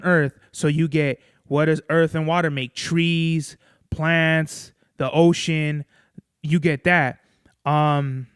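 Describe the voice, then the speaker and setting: A young man rambles through a casual podcast chat, swearing freely and calling the listener bro. His voice sits fairly high and comes across smooth and clear. It is recorded close and dry, with no room sound. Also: no room sound. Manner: loose, profane, rambling, says bro. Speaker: podcast host.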